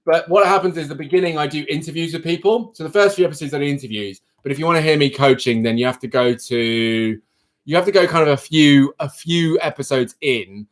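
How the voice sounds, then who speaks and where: A man's voice: fairly high pitch, brisk. A man who coaches people, hosting a live stream and frankly ranting straight to his viewers in casual chat.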